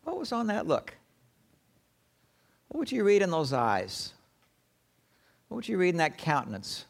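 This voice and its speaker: A man preaching a sermon, telling the story dramatically and often dropping to a hushed, low tone. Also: huge pitch swings, measured pace, gravelly. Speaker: pastor.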